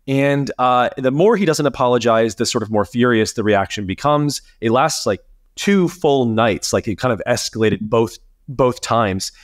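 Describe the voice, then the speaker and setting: A man co-hosting a podcast in casual chat, talking animatedly and swearing, his pitch jumping up when he gets indignant. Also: moderate pace, dry recording, clean studio sound. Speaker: podcast co-host.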